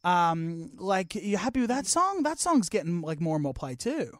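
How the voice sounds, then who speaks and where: A woman's voice: lowish voice, sing-song, normal speed, no echo, studio quality. A woman hosting an interview, effusive and playful, swearing casually. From Australia. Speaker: radio host.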